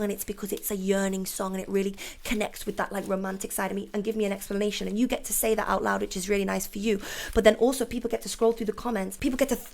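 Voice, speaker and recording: A woman hosting her own podcast, chatting in a sassy, rambling and emphatic way. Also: mid-range voice. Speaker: podcast host. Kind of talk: casual solo podcast chat.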